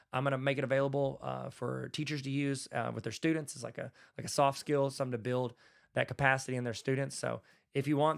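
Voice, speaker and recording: A man's voice: fairly high pitch, gravelly, fairly bright tone. A man hosting a solo podcast, talking in a folksy, conversational way and acting out bits of dialogue. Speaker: podcast host and educator. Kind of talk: casual solo podcast talk.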